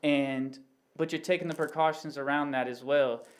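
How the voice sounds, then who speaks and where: A man's voice: on the high side, steady tone, moderate pace. A man talking as a podcast guest in a casual, reflective way, rambling a little and explaining his views through everyday analogies. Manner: rambling, full of "you know what I mean" asides.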